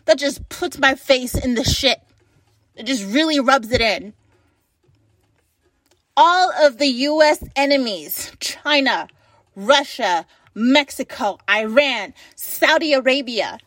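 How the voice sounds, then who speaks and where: A woman's voice: sits high, fairly bright tone, dry recording. A woman in her late twenties from the United States, delivering an angry, profane political rant to camera and firing off rhetorical questions. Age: late 20s. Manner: furious, profane, rapid-fire rhetorical questions. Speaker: vlogger.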